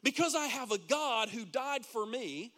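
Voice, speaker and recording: A man's voice: very high voice, expressive, unhurried, bright, forceful tone. A middle-aged male pastor preaching a sermon in a church, full of rhetorical questions to the congregation. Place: church sanctuary.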